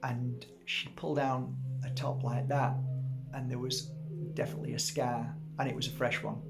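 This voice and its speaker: Middle-aged guy telling a story, chatty and animated, quoting people, faint music in the back. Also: medium pitch, normal speed, gravelly. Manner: animated, quotes people in voices, laughs at himself. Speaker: crystal healer telling a story. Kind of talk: casual storytelling monologue.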